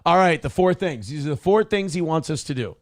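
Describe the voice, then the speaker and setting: Man hosting a morning show. Fairly high voice, dry studio sound, profane animated storyteller. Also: brisk, no echo. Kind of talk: casual chat. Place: home studio.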